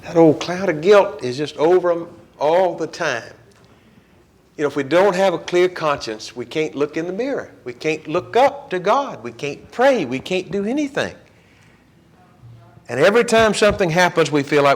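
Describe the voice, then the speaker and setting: A man leads a Bible class in a church classroom, telling the story with plenty of life. His voice sits a little high for a man and rises and falls a great deal as he acts out what each person says. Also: moderate pace. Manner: lively storytelling, acting out quotes.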